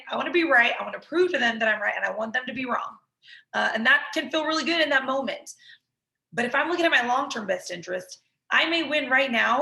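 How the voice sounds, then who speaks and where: A woman's voice: on the high side, creaky, bright, forceful tone, reverberant, rough recording. A woman instructor teaching a workshop in a conversational way, walking through an example and often checking in with the listener.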